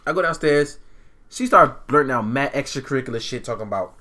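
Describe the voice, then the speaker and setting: A young man co-hosting a casual podcast, telling a story as an animated, profane rant. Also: medium pitch, quick pace. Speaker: podcast co-host.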